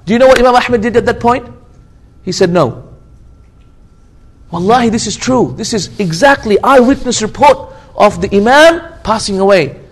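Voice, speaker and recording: A man's voice: very high voice, animated, brisk. A man delivering a religious lecture in English, stressing points by repeating phrases and swearing by God, with Arabic religious terms woven into his speech. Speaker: Islamic lecturer.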